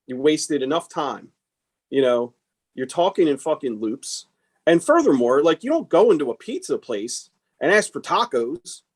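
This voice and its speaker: A man hosting a casual podcast talks bluntly and with emphasis. He swears freely and tells stories in a loose, conversational way. His voice is somewhat high for a man. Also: big pitch swings, moderate pace, breathy edge. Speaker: podcast host, tattoo artist.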